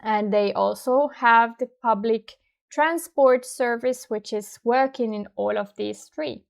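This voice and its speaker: A Finnish-accented woman teaches pronunciation at an unhurried, deliberate pace. Her voice sits fairly high, and she repeats each word patiently so the learner can follow along. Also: vocal fry. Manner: careful, repeats words slowly for demonstration. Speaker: language teacher. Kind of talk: pronunciation lesson.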